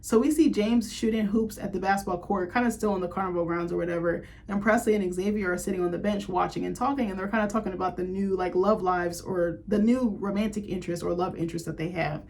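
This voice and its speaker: A woman's voice: medium pitch, steady tone, fast, few pauses, a little mellow. A woman talking casually as she recaps a TV episode, chatty and profane, with many fillers like "like". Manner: chatty, profane, heavy use of "like". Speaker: show reviewer.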